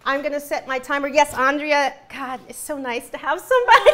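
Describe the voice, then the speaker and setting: A woman's voice: sits high, lively intonation, fairly quick, fairly bright tone, a little hiss or hum. A woman hosting a live cooking demonstration, chatty and giggly. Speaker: cooking show host.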